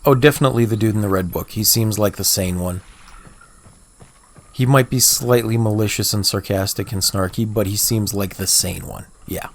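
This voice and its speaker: A man's voice: on the low side, moderate pace. A man livestreaming a game, thinking aloud in easygoing, chatty talk and answering chat, with a cough. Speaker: game streamer.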